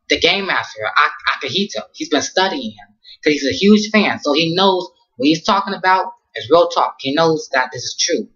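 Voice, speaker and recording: A man's voice: a little high, bright, forceful tone, muffled recording. A man casually recapping an anime episode in slangy talk, rambling with lots of ums and restarts. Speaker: anime reviewer.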